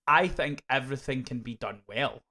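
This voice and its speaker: Animated Scottish man chatting films. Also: mid-range voice, normal speed. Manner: animated, frequent swearing, many restarts. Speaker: podcast co-host. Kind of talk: casual film review chat.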